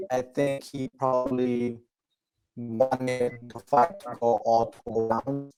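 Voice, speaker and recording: A man's voice: medium pitch, poor audio. A man co-hosting a casual sports chat, giving his opinions and thinking aloud with frequent "like"s. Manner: thinks aloud with lots of "like" and restarts. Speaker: co-host.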